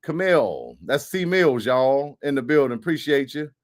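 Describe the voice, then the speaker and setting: A man's voice: medium pitch, big pitch swings, normal speed. Laid-back male radio host. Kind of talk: casual radio talk.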